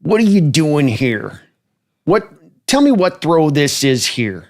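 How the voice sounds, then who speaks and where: A man doing an impression of a gruff football coach who needles young players with barking, teasing questions, his voice pitched up and louder than his own. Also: sing-song, slow, exaggerated voice. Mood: needling.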